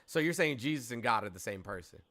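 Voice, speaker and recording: A man's voice: mid-range voice, expressive, fast, sharp tone. A man arguing casually on a call-in show, blunt and skeptical, answering with curt denials. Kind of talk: casual debate.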